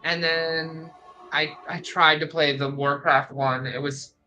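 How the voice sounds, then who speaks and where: Bright, rambling young streamer. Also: medium pitch, slow pace, muffled recording, a little hiss or hum. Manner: rambling, animated ranting. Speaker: gaming streamer. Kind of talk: casual live-stream chat.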